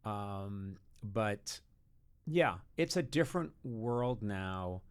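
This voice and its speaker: Speaking extremely slowly, a man in his sixties uses a fairly low, clear, resonant voice full of expression. He's a guest on a podcast, swapping anecdotes in casual conversation and acting out what relatives and others said.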